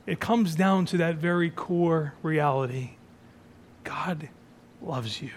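A high-pitched male pastor delivers a communion sermon. He builds phrases through repetition, dropping to near-whispers and then rising to strong, raised lines. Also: fairly even intonation, slow. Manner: dramatic swings from soft near-whisper to raised, shouted phrases; repeats phrases for emphasis.

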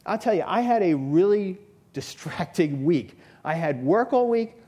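A man's voice: animated, unhurried, warm tone, breathy edge. A man giving an informal sermon, telling personal stories in a conversational way. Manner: conversational storytelling, rising pitch when stressing a point. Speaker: lay preacher.

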